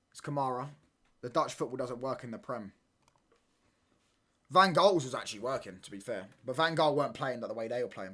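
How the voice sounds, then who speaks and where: A man's voice: medium pitch, sharp tone. A man, chatting casually on a football watchalong stream and often asking "do you get what I'm saying?". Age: 20s. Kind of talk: casual live-stream chat.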